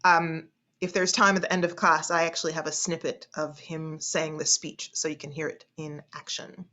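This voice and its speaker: A woman speech instructor teaching an online class, hesitating often and slowly stretching out vowel sounds as she demonstrates them. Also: low voice, flat delivery, sharp tone. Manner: hesitant, with frequent fillers and restarts.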